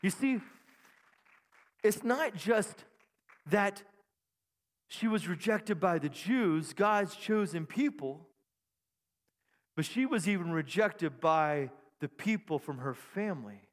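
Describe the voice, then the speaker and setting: A high-voiced male pastor preaches to his congregation, swinging from soft asides to loud, excited bursts. His voice rings out with a long reverb through the church hall. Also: slow pace, long pauses. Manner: animated preaching with bursts of shouting. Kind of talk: sermon. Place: church sanctuary.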